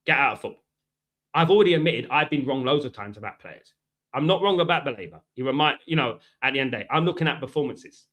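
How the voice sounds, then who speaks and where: A middle-aged Englishman hosts a live football stream, talking fast in an animated, medium-pitched, fairly bright voice. The football channel host answers viewers combatively and chattily, speaking straight to chat and peppering his talk with "mate" and "right."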